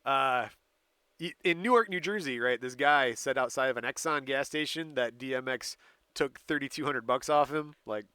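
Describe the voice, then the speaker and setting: A man's voice: medium pitch, normal speed, bright, forceful tone, clean tone, no room sound. A man hosting a podcast, telling a crime story in casual chat and laughing often as he reads out dates and places. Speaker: podcast host.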